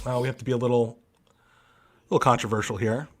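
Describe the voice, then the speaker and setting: A man's voice: medium pitch, fairly even intonation, quick pace, over loud music. A man hosting a casual comedy podcast, crude and joking in a mock-serious way. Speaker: podcast host.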